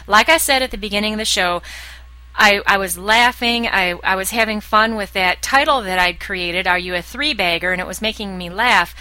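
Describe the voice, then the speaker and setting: Woman podcast coach, earnest and direct, bright voice, dry close mic. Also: medium pitch, no room sound, rough recording. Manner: earnest, acts out inner voices of the listener. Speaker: weight loss coach. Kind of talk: solo podcast monologue.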